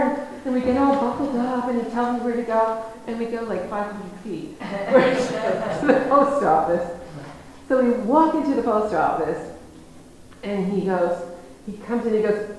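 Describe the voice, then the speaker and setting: A woman's voice: on the high side, unhurried, darkish tone. Rambling American woman in an echoey hall. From United States. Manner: rambling, self-interrupting, many restarts. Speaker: guest lecturer. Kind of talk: personal storytelling lecture. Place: lecture hall. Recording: very echoey hall, faint noise.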